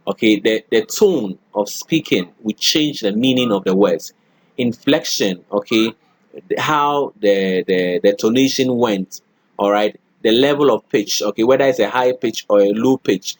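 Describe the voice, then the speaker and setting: A man's voice: fairly low pitch, a little slow, no echo. A middle-aged man lecturing a college class, often checking in with "okay" and "all right" and acting out spoken examples.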